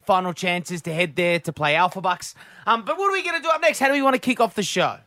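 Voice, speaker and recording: A man's voice: high voice, lively intonation, fast talker, pushed and bright, no echo. A man hosting breakfast radio, upbeat with dry wit. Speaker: radio host. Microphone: studio microphone.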